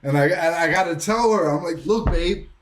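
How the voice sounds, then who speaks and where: A man from New York telling excited stories in casual chat, acting out his own reactions and swearing freely. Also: a little high, a little fast, over a noisy crowd. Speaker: podcast host.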